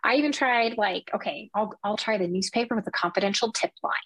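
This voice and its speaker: A woman's voice: medium pitch, fast, a bit bright, slightly rough, no echo, poor audio. A middle-aged woman, a nurse, giving an earnest, impassioned account of her experience, often quoting what was said. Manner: earnest, impassioned, retelling with quoted dialogue. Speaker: nurse, interview guest. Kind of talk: emotional personal account.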